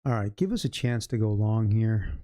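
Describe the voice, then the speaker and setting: Loose, swearing male day trader, mellow. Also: on the low side, lively intonation, moderate pace, no room sound, studio quality. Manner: loose, swearing, talks to himself and chat. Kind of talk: live trading commentary.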